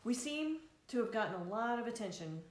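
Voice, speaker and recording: A woman voicing a brisk, reassuring male tour organizer in her own plain voice. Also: fairly high pitch, big pitch swings, reverberant.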